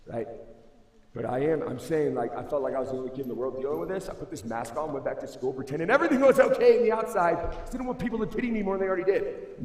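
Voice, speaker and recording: A man in his twenties giving a motivational speech to a school assembly, casual and slangy, swinging between loud emphasis and hushed moments. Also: medium pitch. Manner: casual and slangy, calls listeners bro and dude. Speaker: motivational speaker. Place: large school assembly hall. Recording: echoey hall, long reverb.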